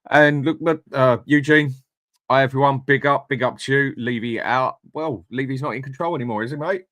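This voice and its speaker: A man's voice: mid-range voice, a little fast, fairly bright tone, no room sound. A man hosting a live fan stream, chatting bluntly and reading out viewer comments. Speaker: fan channel host. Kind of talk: casual live-stream chat.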